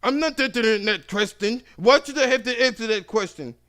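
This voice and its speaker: A man voicing an irate male customer who shouts insults at a phone agent. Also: a little fast. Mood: indignant. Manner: shouting, high-pitched, accusing.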